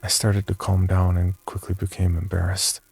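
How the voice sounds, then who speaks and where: A man narrating a first-person horror story in a slow, measured, scripted delivery. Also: completely flat delivery, a little mellow, dry recording. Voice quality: deep gravelly voice.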